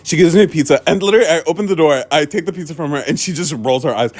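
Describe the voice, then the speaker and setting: A man telling funny personal stories in a casual, animated way, swearing and laughing as he goes. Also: on the high side, rapid-fire. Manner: animated and exaggerated, swears and laughs mid-story. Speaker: storyteller. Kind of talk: casual comedic storytelling.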